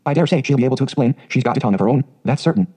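A man reading aloud and voicing a brisk, careless country station master who talks in an offhand way. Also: mid-range voice, lively intonation, dark tone, husky.

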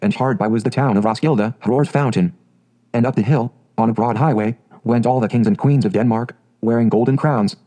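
A man narrating a fairy tale audiobook in a steady, measured way. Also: mid-range voice, poor audio.

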